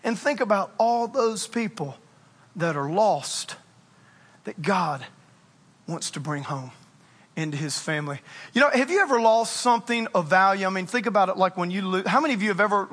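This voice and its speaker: High-voiced animated pastor in a reverberant church. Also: male voice, normal speed, breathy edge. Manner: animated, self-mocking storytelling. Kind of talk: sermon. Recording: long reverb of a large church hall.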